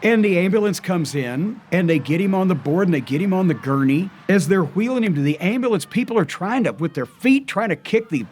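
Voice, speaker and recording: Animated older man telling a story. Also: high voice, a little fast, few pauses, a little hiss or hum. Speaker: wrestling historian. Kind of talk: storytelling interview.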